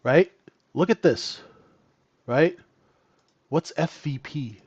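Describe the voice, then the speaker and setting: Slow and slightly rough, a man's voice on the high side carries a darkish tone. He's a trading mentor teaching live in a trading room, emphatic and blunt, tagging lines with "right?", over dull lo-fi stream sound.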